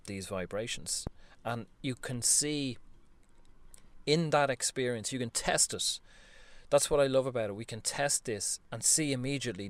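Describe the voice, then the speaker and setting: A man talking earnestly in a reflective spiritual monologue, gently coaching the listener and laughing softly now and then. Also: on the low side. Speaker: spiritual vlogger.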